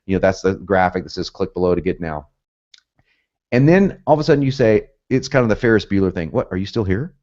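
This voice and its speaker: Animated chatty man, lo-fi audio. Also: low voice, fast talker. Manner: animated, chatty, laughs often, acts out quoted lines. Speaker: copywriting teacher. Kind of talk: casual instructional talk. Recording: dull lo-fi audio.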